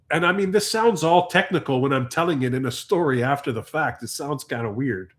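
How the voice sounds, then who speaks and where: A man's voice: medium pitch, fairly quick, hardly any pauses. A man hosting a long livestream, telling a rambling story in casual chat. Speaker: livestream host. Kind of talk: casual live stream chat.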